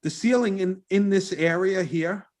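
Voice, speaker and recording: A man with a slightly raised, higher-pitched voice lays out design changes at a public planning board meeting. He speaks earnestly and eagerly, tripping over and restarting his words as he goes. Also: a little slow, a little mellow. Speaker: applicant presenting a restaurant design.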